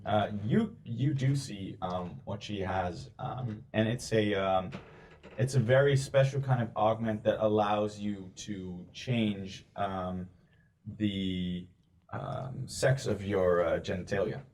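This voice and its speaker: A man narrating as game master of a tabletop game, pausing often and filling gaps with ums and likes. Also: lowish voice, darkish tone, slight background noise. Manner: hesitant, filler-heavy narration.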